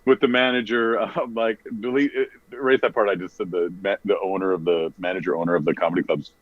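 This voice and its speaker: A man telling loose, self-correcting stories as a podcast guest. His voice sits on the low side. The recording is dull and dry, with little room sound. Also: steady tone, quick pace, no room sound. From Canada. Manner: rambling, self-correcting storyteller. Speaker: comedian guest. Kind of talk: casual podcast chat.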